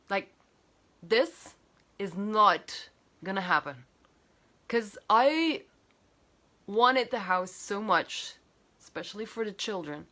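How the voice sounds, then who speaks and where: A woman coach telling a personal story to camera, animated and emotional, with many fillers and restarts. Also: fairly high pitch. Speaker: healer and coach.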